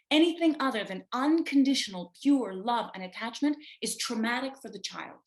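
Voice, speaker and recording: A woman teaching a reflective self-development lesson, speaking slowly and emphatically, with pauses and repeated phrases. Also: on the high side, expressive. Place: room with an open window.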